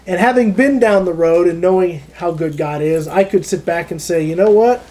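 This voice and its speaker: A man's voice: high-pitched, moderate pace, mellow, rough recording. A man preaching an informal sermon at a small home fellowship, telling a story in a conversational way and speaking to a listener by name. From South Carolina. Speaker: pastor.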